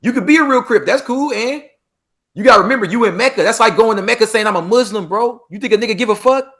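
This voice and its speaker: A man from Los Angeles with a Los Angeles accent, a podcast guest in casual interview talk, animated and acting out street dialogue. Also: high-pitched, fast talker. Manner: animated, acts out street dialogue, swears freely.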